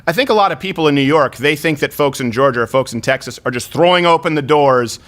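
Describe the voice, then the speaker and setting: A man hosting a casual comedy interview show, laughing often and cutting in with quick, loud asides. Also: fairly high pitch. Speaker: show host. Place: lives in Texas.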